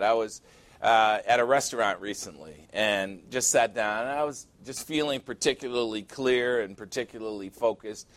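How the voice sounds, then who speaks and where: A man preaching in an emphatic, deliberate way, stretching key words and stacking repeated phrases. His voice sits in a middle range. The sound is dry and close, with no room echo. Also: lowish voice, animated, a bit bright. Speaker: pastor. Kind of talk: sermon.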